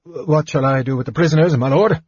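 A man's voice: fairly high pitch, fairly quick, a little mellow, breathy edge, no room sound, highs cut off, pitched above the performer's own voice. A man voicing a fawning, obedient hobgoblin servant in an audiobook, with a raised, snarling voice. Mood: servile.

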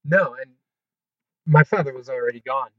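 A young man co-hosting a casual comedy podcast, an animated storyteller who laughs often and acts out the people he quotes. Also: medium pitch, normal speed, no echo. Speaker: podcast co-host. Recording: dull lo-fi sound.

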